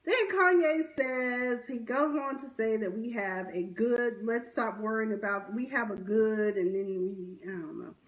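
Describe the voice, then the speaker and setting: A woman's voice: a little high, a little slow, hardly any pauses, far from the mic. A young woman giving blunt, opinionated commentary in a casual vlog, often repeating words as she starts sentences. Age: young adult. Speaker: vlogger.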